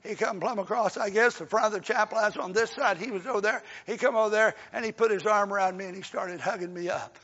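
An older man preaching a sermon in a folksy way, swelling to shouts and dropping to a hush. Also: high-pitched, steady tone, quick pace, hardly any pauses. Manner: folksy, rising to shouts then dropping soft. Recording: dull lo-fi recording in a reverberant hall.

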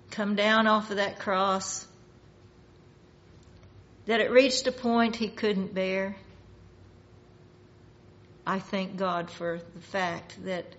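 A woman preaching a sermon in a slow, measured way, rising in force for emphasis. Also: medium pitch, a bit bright, lo-fi sound.

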